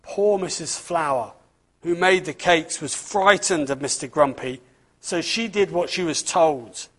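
A man's voice: on the high side, unhurried, fairly bright tone, slightly rough. A man giving a children's talk at church, reading a storybook aloud and asking the listeners questions.

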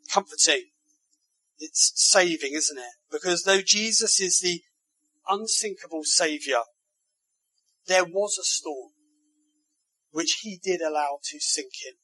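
A man delivers a sermon in a high voice, building his phrases with emphasis and turning to the congregation with rhetorical tag questions. His tone is bright and forceful, and the sound is dry and close, with no room echo. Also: slightly rough. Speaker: preacher.

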